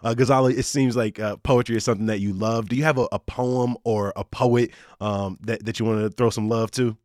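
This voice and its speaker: A man's voice: lowish voice, a little fast, dry recording, clean studio sound. A man hosting a local news podcast in an easygoing, casual way. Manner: relaxed, easygoing, says y'all and uh often. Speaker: podcast host.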